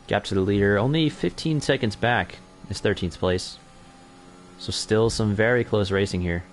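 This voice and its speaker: A man's voice: on the low side, moderate pace, a little hiss or hum. A young man commentating an online racing league in a chatty, self-correcting way that picks up during on-track battles. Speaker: race commentator.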